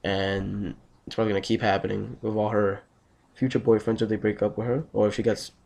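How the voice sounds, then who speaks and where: A young man tells a story straight to his viewers, tired from just waking up. His voice sits low with a gravelly rasp. He rambles, restarts and swears freely. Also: flat delivery, a little fast, darkish tone. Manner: rambling, profane, blunt. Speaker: vlogger. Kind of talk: casual storytelling vlog.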